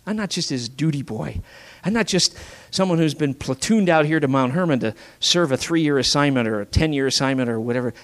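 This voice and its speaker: A man preaching a sermon in a dramatic way, swinging from forceful emphasis to hushed whispers, with repeated rhetorical questions to his listeners. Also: fairly high pitch, expressive, fairly quick. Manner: repetitive, rhetorical questions to the congregation.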